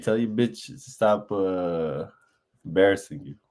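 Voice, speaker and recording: Slow, lively low-voiced man. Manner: laughs often, teasing banter. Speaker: podcast co-host. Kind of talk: casual comedic chat.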